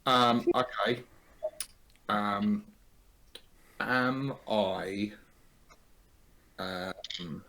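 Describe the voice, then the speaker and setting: A man's voice: fairly low pitch, very slow, long pauses, pushed and bright. A man hosting a casual group chat, joking and laughing with his guests.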